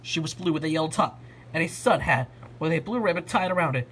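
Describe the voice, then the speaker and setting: A woman reading a fan story aloud in an expressive storybook style. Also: deep voice, quick pace, slight background noise. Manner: expressive, lively narration. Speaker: reader.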